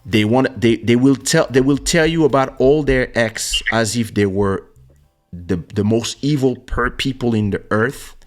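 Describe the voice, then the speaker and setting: A male host telling a personal story on a streamed talk show. He speaks at an average pitch for a man and keeps it casual, slipping into quoted voices as he goes. He is recorded close on a studio microphone, with faint music underneath. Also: measured pace. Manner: animated, acts out quoted voices. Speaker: podcast host.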